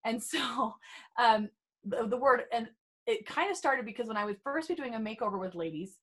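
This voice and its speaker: A woman's voice: a little high, expressive, moderate pace, a bit bright, husky. A middle-aged woman guesting on a podcast as a beauty trainer, talking in a bubbly, playful, self-assured way. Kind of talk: casual podcast chat.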